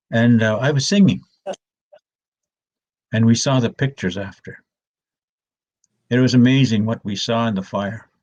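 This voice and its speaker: Soft-spoken older male elder, husky. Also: on the low side, lo-fi sound. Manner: soft, slow and repetitive, with many restarts. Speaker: elder storyteller. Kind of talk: gentle storytelling talk.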